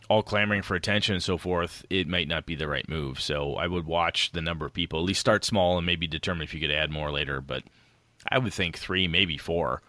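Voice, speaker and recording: Forceful low-voiced man, frank podcast chat. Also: no room sound. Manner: frank and animated, swears casually. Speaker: podcast co-host. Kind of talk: casual gaming chat.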